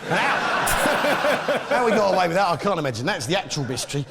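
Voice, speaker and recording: Brash British man, high voice. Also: sing-song, a little fast, sharp tone. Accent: British English. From Britain. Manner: brash, blustering, jokes with the crowd. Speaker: stand-up comedian. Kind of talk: stand-up comedy routine.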